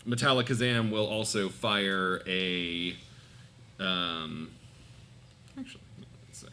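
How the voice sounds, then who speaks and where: A man playing in a tabletop game, chatty and throwing in quick apologetic asides. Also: deep voice, little pitch movement, sharp tone, slight background noise. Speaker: player. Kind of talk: casual tabletop play.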